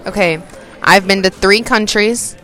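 A woman chatting outdoors with friends, joking and cutting in quickly. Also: medium pitch. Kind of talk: casual chat among friends. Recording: outdoor crowd noise.

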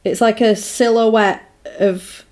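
Woman gabbing through a movie plot, mellow voice, loads of likes and ums. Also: a little high, takes it slowly. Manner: rambling, animated retelling with lots of fillers. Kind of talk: casual chat retelling a film plot.

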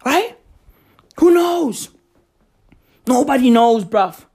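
A woman rants in a vlog, loud and shouty, with a hoarse, cracking voice. She drags out her words at an unhurried pace. Her pitch sits a little high for a woman. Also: animated. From South Africa. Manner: loud, shouty, swearing heavily. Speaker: vlogger. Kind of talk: profane vlog rant.

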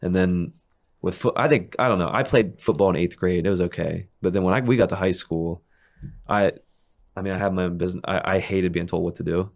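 A young man with a very low, deep voice chatting casually. He rambles through his stories in a relaxed way, full of fillers and restarts. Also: a little fast, vocal fry. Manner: rambling, laid-back storytelling with many fillers. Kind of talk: casual chat.

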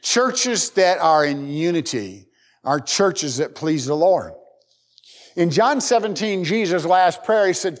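A middle-aged man preaching a sermon as pastor, folksy and joking, with lively swings in pitch and loudness. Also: slow.

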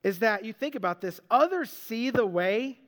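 High-voiced man preaching earnestly. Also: animated, normal speed, fairly bright tone. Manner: earnest, conversational preaching, acting out quoted lines. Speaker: pastor. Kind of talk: sermon.

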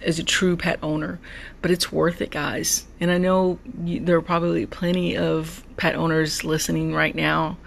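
A podcast host in a heartfelt solo monologue, speaking with a gravelly, fry-edged voice at a middle pitch. The talk is emotional and personal. Words are often repeated and restarted. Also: flat delivery, normal speed, slight background noise. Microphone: podcast mic.

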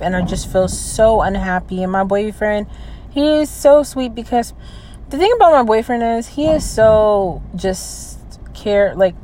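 Close to tears and low in mood, a twenties vlogger talks through her emotions, her voice a bit higher than typical for a woman. She keeps stalling with fillers and trailing restarts, and the poor recording carries a little hiss or hum.

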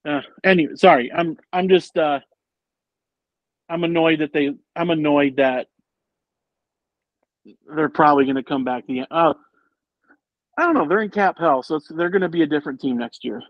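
A man's voice: fairly high pitch, normal speed, pauses often, dry recording, highs cut off. Rambling man on a sports podcast. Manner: rambling, animated, swears, many fillers. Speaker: podcast co-host. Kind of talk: casual sports chat.

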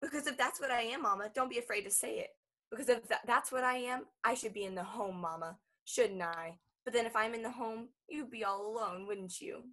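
A grown daughter with a child's heart, played by an actress, high and airy in tone. She pleads with her mother earnestly, stumbling and halting as she talks. It comes across as stage drama. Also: a bit bright. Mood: agitated.

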